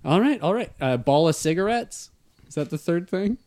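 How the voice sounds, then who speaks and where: Man, player in a tabletop game, hesitant, polite, slightly high voice. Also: animated, moderate pace, a little mellow. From Toronto. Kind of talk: improvised tabletop role-play.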